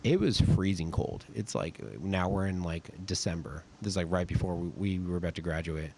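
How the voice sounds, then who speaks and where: A podcast guest, this young army sergeant from California in his twenties tells wandering, informal stories full of "like." His deep voice is gravelly and a little mellow, and he speaks a little fast, with slight background noise.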